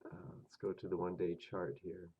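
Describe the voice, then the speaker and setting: A man's voice: low-pitched, level tone, brisk, slightly rough, phone-quality sound. A man with a cold and a stuffed-up voice, walking through trading charts in a casual, hesitant way with many fillers. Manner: thinking aloud with hesitant fillers. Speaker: forex trading video host.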